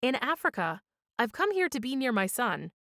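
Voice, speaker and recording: A woman voicing a kindly older woman in a storybook, speaking with a gentle, musical lilt. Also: on the high side, very animated, normal speed, no echo, studio quality, voice pushed up.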